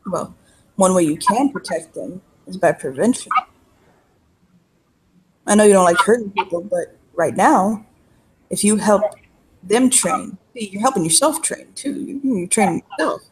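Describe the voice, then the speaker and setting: A woman's voice: mid-range voice, expressive, unhurried, long pauses. A woman playing her character in a tabletop role-play game, telling a long, folksy, rambling story in character.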